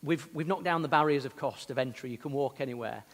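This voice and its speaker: Guy pitching his region on stage, eager and chatty, reverb from a big hall. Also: fast. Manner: enthusiastic, promotional. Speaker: tourism organisation speaker. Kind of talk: live event stage talk.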